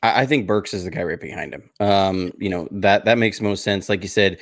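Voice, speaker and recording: A man appearing as a guest on a casual sports podcast, talking hesitantly and filling pauses with "uh" and "you know.". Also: low voice, no room sound, clean studio sound. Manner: hesitant, lots of fillers. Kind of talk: casual chat.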